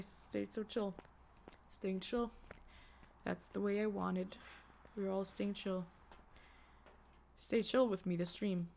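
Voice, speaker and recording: A woman's voice: medium pitch, fairly bright tone. A woman streamer giving live, joking commentary while she plays a ghost-hunting game and chats to her viewers. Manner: chatty, joking, talks to chat and to a ghost.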